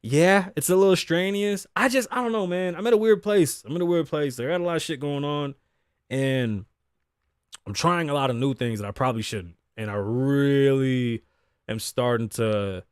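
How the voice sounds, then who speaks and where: A man in his thirties, hosting a podcast from his home studio desk, talks in a mid-range, clean-toned voice at normal speed. The chat is casual, rambling, and profane, with frequent laughing, in clean studio sound with no echo.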